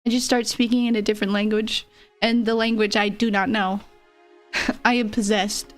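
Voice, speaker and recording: A woman's voice: fairly high pitch, steady tone, normal speed, long pauses, faint music behind. A woman livestreamer chatting casually with viewers in a giggly, playful and teasing way.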